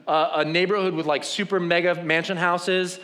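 A man tells a funny story at his own expense during a sermon, animatedly performing people's lines. His voice sits high, and he keeps a moderate pace.

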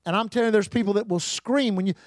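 A man's voice: sits high, fast, no echo. Emphatic preacher man, dry sound. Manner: preaching with emphatic rises and repetition, calls to the congregation. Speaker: pastor. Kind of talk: sermon.

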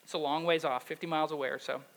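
A man's voice: a little high, very fast, gravelly, in a large hall. A man preaching a sermon, reading scripture and asking his listeners questions. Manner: animated, asks the audience questions. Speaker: pastor.

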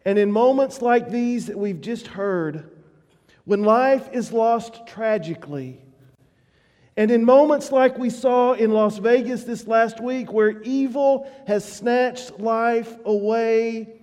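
A man preaching a sermon as pastor in a church, in a measured, reflective way. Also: extremely high pitch, darkish tone, big-room sound. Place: church sanctuary.

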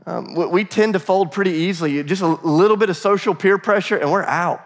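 Pastor, American man, slightly high voice, conversational sermon with acted dialogue. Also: a little fast. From United States. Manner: conversational, laughing asides, acts out dialogue.

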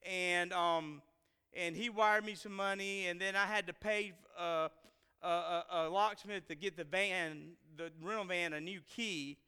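A man's voice: high voice, fairly even intonation, measured pace, bright, forceful tone, smooth. A man, telling a self-deprecating personal story to a live audience and acting out the quotes. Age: 40s. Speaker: speaker addressing a live audience. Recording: long hall reverb.

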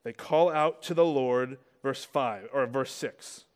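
Man, pastor, conversational sermon, mid-pitched voice, rhetorical questions. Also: slow. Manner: rises in volume when stressing points.

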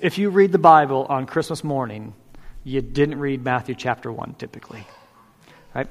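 A man in his thirties preaching a sermon in a casual, conversational way, asking the congregation questions and repeating "right?". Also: a little high. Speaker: pastor. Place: church hall. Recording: long hall reverb.

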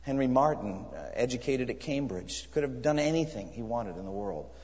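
Earnest preacher in an echoey hall. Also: male voice, medium pitch, expressive, moderate pace, darkish tone. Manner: earnest, emphatic preaching with searching questions. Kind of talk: sermon. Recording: echoey hall, dull lo-fi sound.

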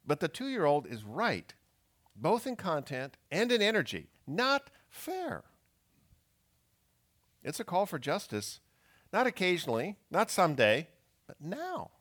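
A man preaching a sermon, reading scripture and acting out its pleading questions with strong expression. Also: mid-range voice. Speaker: pastor.

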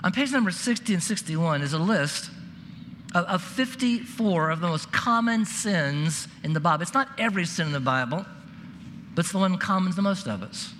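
A man's voice: high voice, animated, normal speed, a bit bright, a little hiss or hum. A man preaching a sermon, telling a story earnestly and often repeating words as he presses a point. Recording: reverberant hall, faint ambience.

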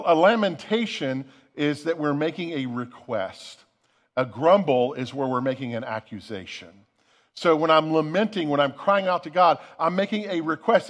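Earnest male pastor, higher voice, sermon delivery with frequent restarts. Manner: earnest, repeats words at starts of phrases.

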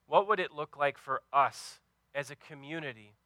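A man's voice: fairly high pitch, moderate pace, sharp tone, dry recording. A man preaching a sermon, telling a story earnestly and stumbling over fillers as he speaks to his congregation. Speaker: pastor.

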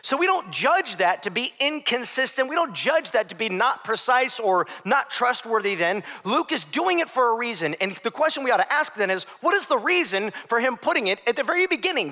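High, bright-voiced male pastor preaching. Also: big pitch swings, brisk, hardly any pauses. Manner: conversational, joking asides. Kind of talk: sermon.

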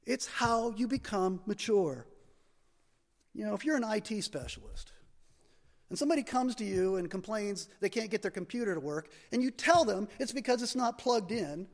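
A male pastor preaching a sermon in a church, animated and building to emphatic peaks. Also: sits high, moderate pace, vocal fry, in a large hall.

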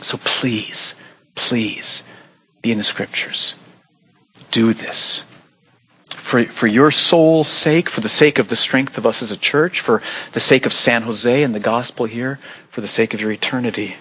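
A man preaching a sermon as pastor, earnest and pleading, with sudden animated bursts. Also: mid-range voice, normal speed, husky, highs cut off. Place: church sanctuary.

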